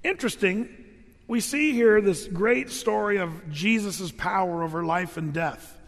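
A man with a high voice delivers a conversational sermon, reading verses and then commenting on them with quips. His voice rings out with a long reverb, as in a large church hall. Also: unhurried. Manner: conversational and jokey, drops low for read verses. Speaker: pastor. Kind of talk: sermon reading and explaining scripture.

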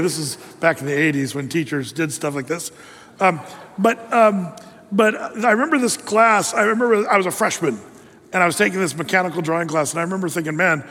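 A man in his fifties, a pastor preaching a sermon in a lively, conversational way and reading scripture aloud. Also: high voice, long reverb tail.

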